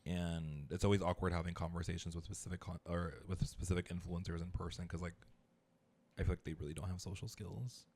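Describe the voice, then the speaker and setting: A man's voice: sits low, little pitch movement, a little fast, darkish tone, slight background noise. A man co-hosting a podcast, telling stories in casual chat, chatty and full of fillers. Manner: chatty storyteller, filler-heavy. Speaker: podcast co-host.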